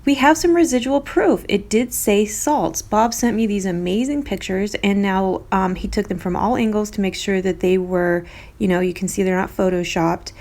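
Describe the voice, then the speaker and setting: Female vlog host with a gravelly voice, casual and earnest, a bit defensive. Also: medium pitch, moderate pace, darkish tone. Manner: rambling, earnest, defensive toward critics. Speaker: video host.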